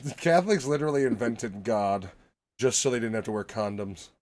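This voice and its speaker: A man's voice: on the low side, lively intonation, brisk, a little mellow. A man in his thirties hosting a podcast, joking and swearing his way through a casual chat with friends. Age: 30s. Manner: joking, profane, riffing. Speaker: podcast host. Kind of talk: casual crude banter.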